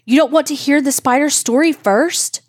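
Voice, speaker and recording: A woman voices a brave young swordsman, speaking earnestly and sounding alarmed. Her delivery is high, at normal speed, and pitched above her own voice while staying close to everyday speech, recorded in a clean, echo-free studio.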